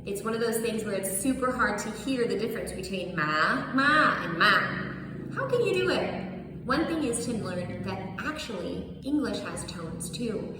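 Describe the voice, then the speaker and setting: A woman's voice: a little high, slight background noise. Woman teaching in an echoey room. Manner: animated, acts out tones on one word. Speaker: language teacher. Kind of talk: explaining lesson to camera. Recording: echoey room, far from mic.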